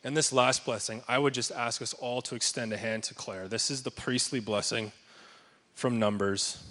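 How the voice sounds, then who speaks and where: A man's voice: medium pitch, steady tone, bright, forceful tone. A man addressing a church congregation to thank a departing pastor, speaking earnestly and reverently and then reading scripture as a blessing. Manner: earnest and reverent, with a few pauses and restarts. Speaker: church member leading a farewell blessing for the pastor. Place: church service before a congregation.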